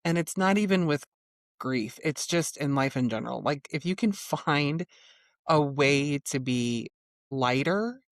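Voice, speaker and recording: Woman podcast host, very low voice, relaxed and reflective, dry close sound. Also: a little slow, no echo. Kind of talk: casual interview chat.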